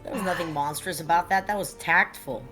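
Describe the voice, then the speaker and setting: A woman's voice: lowish voice, brisk. A woman playing a tabletop game with a dry, wry manner who stammers when unsure. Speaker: player. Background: faint background music.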